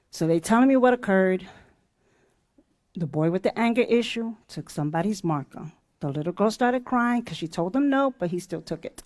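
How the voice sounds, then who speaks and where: A woman teaching a character education class, telling a story with lively, acted-out dialogue. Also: medium pitch, dry recording. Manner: animated, acts out dialogue.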